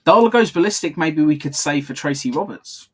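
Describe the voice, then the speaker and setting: A man's voice: a little high, expressive, a little fast. Chatty laughing man co-hosting a commentary. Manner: chatty, laughs often, rambles off topic. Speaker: podcast co-host. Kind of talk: casual commentary chat.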